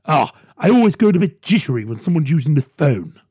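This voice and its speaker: A man doing an impression of a bumbling older male politician, stammering with constant drawn-out ums and ahs. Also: on the high side, very animated, warm tone, slightly rough, no room sound, clean studio sound. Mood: dithering.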